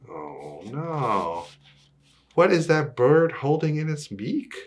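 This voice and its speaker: A man's voice: fairly high pitch, unhurried, darkish tone. A man reading a picture book aloud to children, often stopping to ask the listener questions. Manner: asks the young listener questions. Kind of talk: children's story read-aloud.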